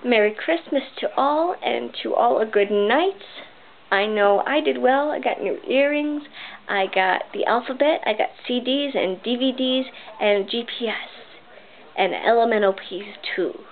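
A woman's voice: on the high side, measured pace. A young woman reviewing lotions in a chatty, bubbly way with many ums, in her bedroom. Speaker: beauty vlogger. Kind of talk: casual product review. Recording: tinny lo-fi camera audio.

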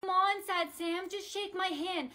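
A woman's voice: extremely high pitch, fairly even intonation, a little slow, pushed and bright. A woman acting in a POV skit with a dramatic, emotive delivery. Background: faint music.

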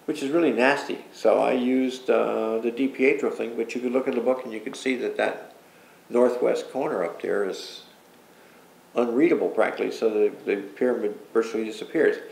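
A man's voice: medium pitch, steady tone, moderate pace, creaky, darkish tone. An older man telling a personal story as an interview guest, earnest and rambling, with repeated asides. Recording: roomy echo with faint background noise.

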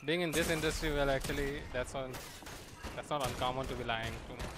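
A man's voice: medium pitch, very noisy. Laid-back man streaming a game. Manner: laid-back, joking, quick to protest. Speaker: streamer playing with friends. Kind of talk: casual gaming voice chat.

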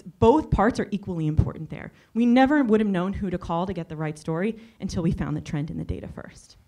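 A woman giving a conference talk in a chatty way, telling a story and acting out the voices of the people in it. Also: medium pitch. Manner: chatty and animated, acts out quoted voices. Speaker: conference speaker.

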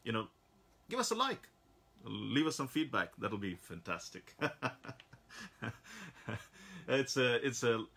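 Guy hosting a radio show, bright husky voice, rambles and restarts a lot. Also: mid-range voice, huge pitch swings, slow pace, long pauses. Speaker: radio host.

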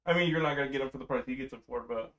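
A man's voice: medium pitch, racing, a bit bright. A man running a tabletop game as dungeon master, casual and rambling with lots of fillers. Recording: dull lo-fi recording.

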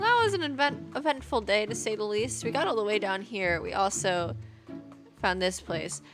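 A young woman giving excitable let's-play commentary, chatting to in-game animals and squealing when things go wrong. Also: a little high, moderate pace, music in the background. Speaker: gaming video creator.

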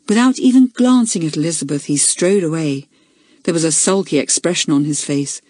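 A woman narrating a children's book in a clear, measured storytelling manner. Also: low voice, a little mellow, dry recording, clean studio sound. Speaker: audiobook narrator. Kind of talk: scripted narration.

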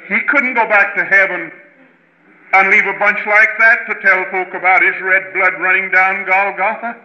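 A man with a Southern American accent, preaching a sermon in a folksy way that swings between loud passages and quiet asides. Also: high-pitched. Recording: lo-fi roomy archival church recording.

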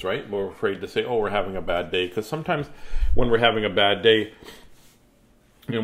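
A man's voice: fairly low pitch, a bit bright. A man chatting to children and then reading a picture book aloud in a playful, sing-song way, at home.

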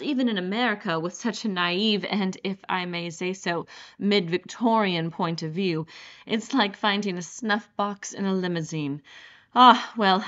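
A woman's voice: medium pitch, fairly bright tone, dull audio, close to an everyday voice. Woman reading as a smug, cruel aristocratic general. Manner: polished, smug, condescending. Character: suave, cruel aristocratic male general who hunts men. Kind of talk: audiobook character reading.

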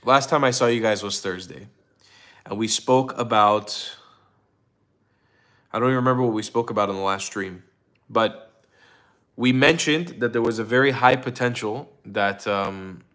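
A man's voice: on the low side, fairly even intonation, moderate pace, long pauses, a bit bright. A tired man hosting a casual livestream, rambling with restarts and greeting viewers from the chat by name. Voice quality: rambling, with restarts and frequent ums. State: tired, yawning. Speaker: livestream host.

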